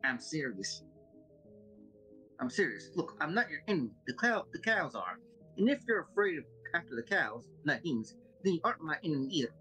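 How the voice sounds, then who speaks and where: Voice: mid-range voice, sing-song, brisk, sharp tone, soft background music, rough recording. A streamer casually speaking a game character's lines, thinking aloud and tripping over words. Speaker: player choosing dialogue. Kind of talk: role-playing dialogue on a game stream.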